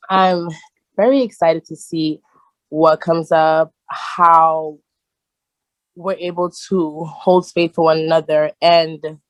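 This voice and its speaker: A woman's voice: sits low, dry recording, rough recording. A young woman speaking on a video call, emotional and rambling, with many fillers and restarts. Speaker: cast member.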